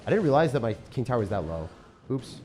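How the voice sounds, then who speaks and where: A man chatting excitedly while live-streaming a mobile game, often laughing and talking to his viewers. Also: medium pitch, quick pace, faint music behind. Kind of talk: live-stream gameplay chat.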